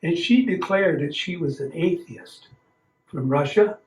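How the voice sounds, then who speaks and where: A man gives his opinion at a roundtable in a slightly high voice, plain and earnest with folksy grammar. His voice echoes in the room. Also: a little slow. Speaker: roundtable speaker. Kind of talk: opinion talk.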